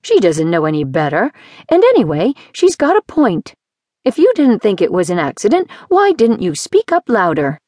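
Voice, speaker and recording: A woman's voice: lowish voice, very animated, normal speed, dry recording, studio quality. A woman voicing a bossy, outspoken woman who scolds emphatically in an audiobook. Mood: scolding.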